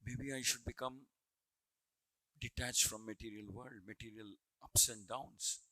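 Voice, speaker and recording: In a devotional scripture class, a man retells a story earnestly, repeating phrases as he builds toward his point. His mid-range voice is steady, unhurried and sharp-toned, though the recording is dry and the audio quality poor.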